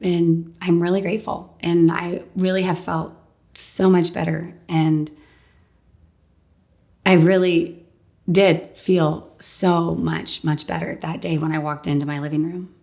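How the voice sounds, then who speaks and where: A woman casually telling a personal story as an interview guest, animated and quick to laugh, often saying "like" and "um". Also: on the low side, vocal fry. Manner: animated, laughs often, acts out what others said; fills speech with "like" and "um". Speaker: guest sharing a healing testimony.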